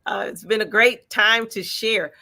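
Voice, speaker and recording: A woman, a featured artist, answering interview questions in a lively, encouraging way with everyday examples. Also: medium pitch, a little slow.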